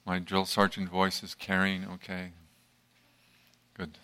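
A man giving an informal evening talk to a live audience, halting, with many fillers and restarts, his mouth still slightly numb from dental work. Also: sits low, completely flat delivery, sharp tone, clean tone.

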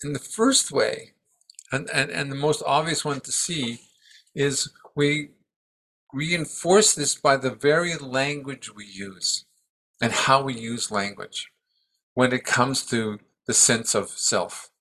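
Older male teacher, 70s, bright clear tone, reflective, pausing speech. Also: mid-range voice, a little hiss or hum. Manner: thoughtful, halting, restarts often. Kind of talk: reflective dharma talk.

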